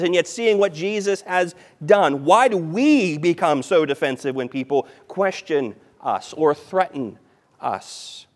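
A man preaches a sermon as a pastor, slightly high-voiced and emphatic, repeating key phrases and swinging between loud stress and quiet.

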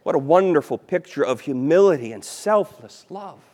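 A man delivering a sermon in a fairly high voice. He drives his points home by repeating phrases, rising to loud emphasis and then dropping to a hush. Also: expressive, moderate pace. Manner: emphatic, repeats key phrases, swings between loud stress and quiet. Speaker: pastor.

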